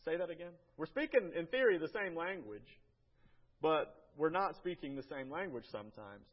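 An American man gives a slideshow talk to a church group in a folksy, halting way, often stumbling over and repeating words. His voice sits a little high, and the recording is muffled and lo-fi. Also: sing-song. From United States. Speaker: church mission trip presenter.

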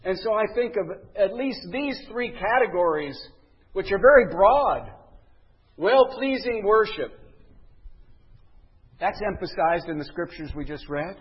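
A pastor with a high-pitched, animated, slightly breathy voice preaches an earnest sermon, captured with lo-fi sound. He draws out the key words he wants to stress.

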